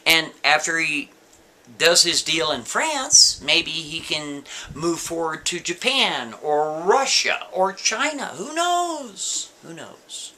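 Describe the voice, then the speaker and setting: A man's voice: high-pitched, pushed and bright. A man telling a story casually, talking straight to the listener and checking in with them often. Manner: conversational, asks listener "right?" and "see?".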